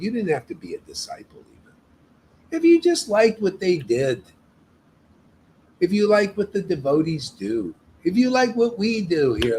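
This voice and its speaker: A man's voice: on the high side, darkish tone, a little hiss or hum, poor audio. A man leading a devotional meetup, preaching in an emphatic, casual way and often tagging his sentences with "man". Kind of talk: informal devotional sermon.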